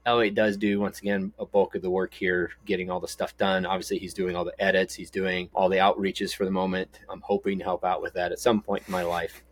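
A man's voice: deep voice, level tone, a little fast, hardly any pauses. A middle-aged man from Texas, co-hosting a podcast in casual, rambling chat full of stories and jokes. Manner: rambling, storytelling, jokey. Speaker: podcast co-host.

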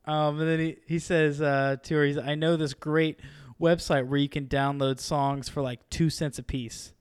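Guy chatting about a tv show, kinda high smooth voice, dry sound, acts out the lines. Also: normal speed, no room sound. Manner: animated retelling of sitcom scenes, acting out lines. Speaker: podcast co-host. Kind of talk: casual chat.

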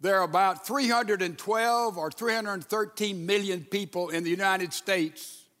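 A man preaches from the pulpit, talking his congregation through scripture and prayer. His voice sits high and moves at an unhurried, deliberate pace. The sound rings with the long reverb of a large sanctuary. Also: a bit bright. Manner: leads congregation in reading and prayer. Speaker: pastor. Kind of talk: sermon. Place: church sanctuary.

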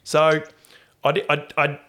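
A man's voice: a little high, completely flat delivery, a little slow, fairly bright tone. Chatty Australian man hosting a podcast. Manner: chatty, laughs often, loose with restarts. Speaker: podcast host. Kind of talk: casual chat.

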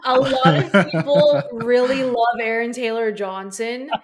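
A woman's voice: on the high side, a little slow, a loud crowd. A woman co-hosting a casual movie podcast, playfully taking the contrary side. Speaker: podcast co-host.

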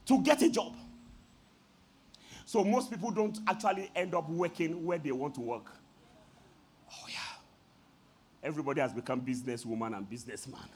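A man with a Nigerian accent preaching a sermon as pastor, calling out to his congregation in an animated way. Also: a little high, a little fast, pauses often, slightly rough.

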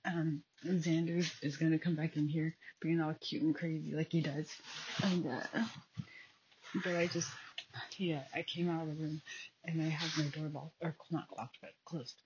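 A young adult woman hosting a casual solo podcast from home at night, talking quietly and rambling with many fillers into a phone. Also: deep voice, little pitch movement, moderate pace, background noise. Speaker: podcast host. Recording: dull lo-fi phone recording.

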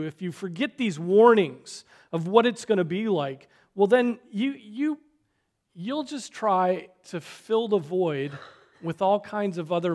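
A man preaching a sermon, earnest, swinging between loud exhortation and soft, quiet asides. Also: high voice. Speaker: pastor.

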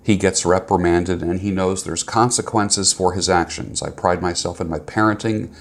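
Man, very low voice, YouTuber, reading a viewer letter, earnest and measured. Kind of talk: talking to camera, reading a viewer letter aloud.

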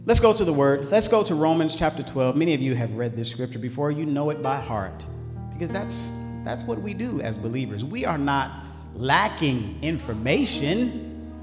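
A man preaching a sermon, swinging between shouted lines and low asides in call-and-response style. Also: sing-song, moderate pace. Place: church sanctuary. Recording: echoey hall with faint music.

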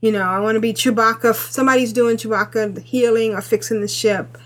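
High-voiced woman, animated podcast chat. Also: a little fast. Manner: animated, insistent, self-mocking. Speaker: podcast co-host. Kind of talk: casual gaming podcast chat.

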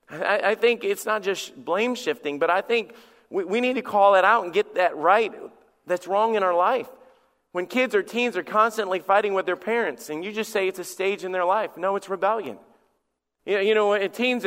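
A man's voice: high-pitched, fairly bright tone. A man preaching a sermon as lead pastor, emphatic and acting out little dialogues in different voices. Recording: long hall reverb.

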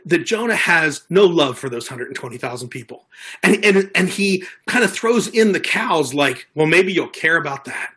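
A man preaching a sermon in an earnest, conversational way, often circling back over his words. His voice sits a little high for a man and has a husky edge. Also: bright, forceful tone. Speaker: pastor.

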